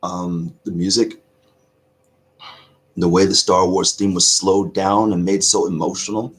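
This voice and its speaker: A middle-aged man hosting a casual reaction video, choked up with emotion, talking earnestly in halting restarts. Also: sits low, little pitch movement, slight background noise. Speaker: YouTube reaction host.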